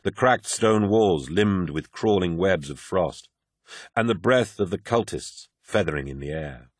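A man reading a dark fantasy audiobook in a measured, dramatic narration. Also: sits low, expressive, slightly rough, no room sound, clean studio sound.

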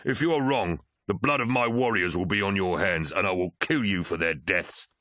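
A man voicing a fierce, brutal male warrior captain who barks his words loudly and scornfully. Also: low voice, normal speed, no echo, studio quality. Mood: threatening. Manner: loud, barking, scornful.

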